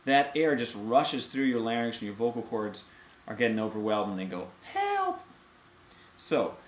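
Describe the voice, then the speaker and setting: A middle-aged man teaching a casual video voice lesson, explaining vocal technique and breaking into short sung vowel demonstrations. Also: mid-range voice. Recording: echoey room with faint ambient noise.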